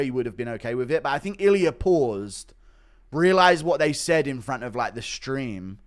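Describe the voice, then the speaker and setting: Blunt, rambling male streamer. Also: medium pitch. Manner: blunt, swears often, rambling with many fillers. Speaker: streamer reacting to MMA news. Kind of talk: casual livestream commentary reading donations.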